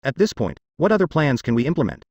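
A man's voice: medium pitch, sing-song, fast talker, darkish tone, dry recording, lo-fi sound. A man voicing an angry, resentful immortal woman in a fantasy audiobook, speaking coldly and accusingly. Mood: furious. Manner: cold and accusing.

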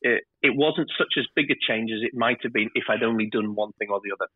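Male TV-director guest, rapid chatty storyteller, dry phone-quality audio. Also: medium pitch, slightly rough, no room sound. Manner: chatty, stumbles and repeats words. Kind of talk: casual interview storytelling. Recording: tinny phone-like remote line.

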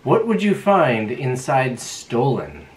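A man's voice: medium pitch, huge pitch swings, takes it slowly, echoey room. A man on a casual trivia vlog, joking around with dry, teasing remarks. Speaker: guest on a vlog.

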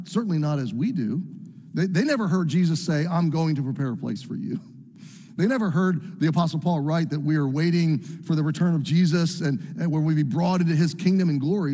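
A man's voice: a little high, animated, a little fast, warm tone. Preaching man in an echoey hall. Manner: expository preaching, acting out the psalmist's pleas with rising voice. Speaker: pastor. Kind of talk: sermon. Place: church sanctuary. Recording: echoey hall with long reverb.

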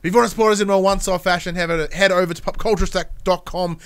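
A young man co-hosting a casual podcast chat, talking with high energy and enthusiasm. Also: fairly even intonation, racing, smooth. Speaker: podcast co-host.

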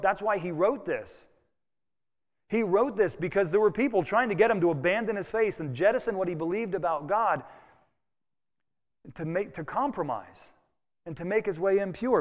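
A male pastor preaching a sermon to his congregation in a conversational, folksy way, with personal asides. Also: high voice. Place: church sanctuary with congregation. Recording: long reverb of a church hall.

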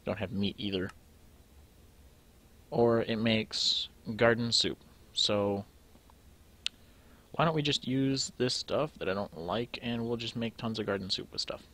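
A man's voice: fairly low pitch, unhurried, pauses often, a bit bright. A young man thinking aloud to himself as he plays through a game, in casual commentary. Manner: thinking aloud, musing to himself while sorting items. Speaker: let's play gamer.

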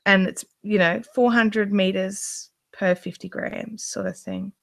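A woman's voice: mid-range voice, unhurried, vocal fry, no room sound. A woman, a yarn vlogger gushing in casual show-and-tell chat, full of restarts. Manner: gushing, chatty, many restarts. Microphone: handheld mic near camera.

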